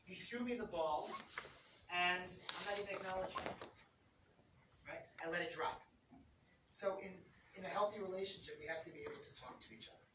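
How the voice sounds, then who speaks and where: Animated woman explaining, roomy distant sound. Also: on the low side, fairly quick, pauses often, background noise. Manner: animated, acts out quoted couples. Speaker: couples therapist. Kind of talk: explanatory talk on relationships.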